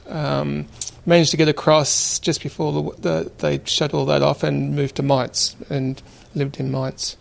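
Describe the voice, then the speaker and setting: A man in his fifties with an Australian accent, telling family stories in a relaxed, rambling way with many fillers. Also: on the high side, creaky. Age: 50s. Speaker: interviewee. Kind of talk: relaxed storytelling.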